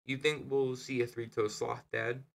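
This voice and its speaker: A man's voice: mid-range voice, little pitch movement, a little slow, creaky. A man doing an eager, cheeky eight-year-old girl. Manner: bright and eager.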